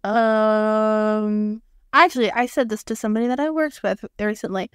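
A young adult woman co-hosting a podcast, bubbly and chatty, quick to throw in pop-culture quotes. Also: mid-range voice, clear, resonant tone, dry recording, studio quality. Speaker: podcast co-host. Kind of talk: casual chat.

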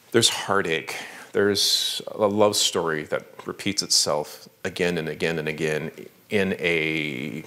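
A man's voice: deep voice, bright, forceful tone. A man, an author, giving a conversational talk at a library, telling stories animatedly with fillers.

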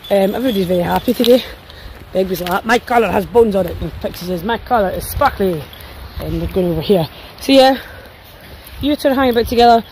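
A woman's voice: on the high side, background noise. A Scottish woman vlogging while walking a pack of dogs outdoors, cooing at them in a sing-song voice. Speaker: dog walker vlogger. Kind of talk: chatty narration to camera. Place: outdoors in woods on a rainy day.

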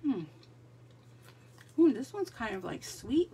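A woman's voice: on the high side, big pitch swings, slow, dark tone, far from the mic, slight background noise. A middle-aged woman hosting a live crafting stream, chatting casually and greeting viewers by name. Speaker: livestream crafting host.

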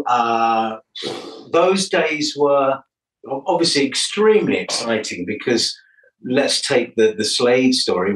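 A man's voice: mid-range voice, fairly bright tone. An older man, a musician guest, telling stories in a chatty, jokey way during an interview. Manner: chatty, jokey storyteller, laughs often. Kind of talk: casual interview chat. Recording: roomy, from a distance.

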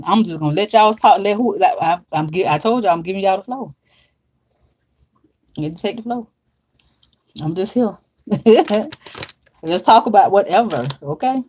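A woman's voice: medium pitch, animated, unhurried, long pauses, darkish tone, slight background noise. Woman, livestream host, casual chat, drawling, greets viewers by name, at home. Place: home, at her makeup desk.

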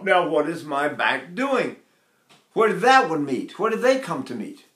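A man's voice: on the high side, very animated, unhurried, fairly bright tone, reverberant. An older man teaching vocal technique, asking rhetorical questions and breaking into short sung vowels to demonstrate.

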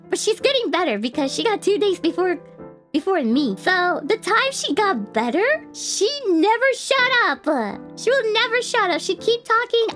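Very high-pitched, lively streamer woman. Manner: animated, laughing storytelling with mock shouting. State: recovering from sore throat illness. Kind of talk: casual stream chat.

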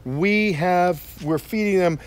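A man's voice: sits high, takes it slowly, clean tone. A man with a New York accent, hosting and explaining animal care in a casual, upbeat way, full of fillers, from outdoors. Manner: chatty, upbeat, many fillers. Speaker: reptile keeper and channel host. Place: outdoors in a tortoise yard.

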